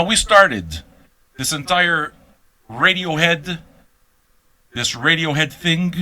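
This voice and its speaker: A man's voice: on the high side, pushed and bright, no echo. An older man hosting an album reaction show, ranting in a brash, profane and teasing way to a live audience. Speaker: host of an album reaction channel. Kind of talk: live-streamed casual rant.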